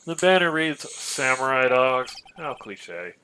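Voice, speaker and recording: A man reading the lines of a sarcastic young male defense lawyer in a game, wry and deadpan. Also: medium pitch, slow pace, a little hiss or hum, full character voice. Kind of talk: reading game dialogue aloud.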